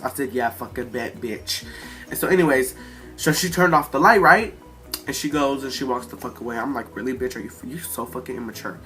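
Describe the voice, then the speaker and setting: A man's voice: mid-range voice, a little fast, faint music behind. A man casually telling a rambling, profane storytime about a fight at home. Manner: profane, rambling, animated retelling. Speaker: storyteller vlogger.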